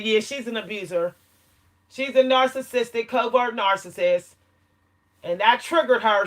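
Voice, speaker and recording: A woman's voice: on the high side, a bit bright. A woman talking to camera in a casual vlog monologue, telling an emphatic story and laughing often between points. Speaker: vlogger.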